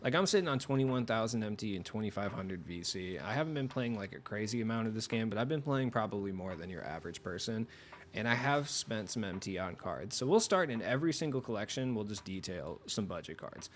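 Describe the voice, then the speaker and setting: A young man with a fairly low voice talks through a gaming video in a loose, rambling way, full of asides. His delivery is casual and conversational, like a chat with viewers. A faint hiss of room noise sits under his desk mic. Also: animated, brisk. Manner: joking opener in a mock radio voice, then loose rambling talk. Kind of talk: casual commentary.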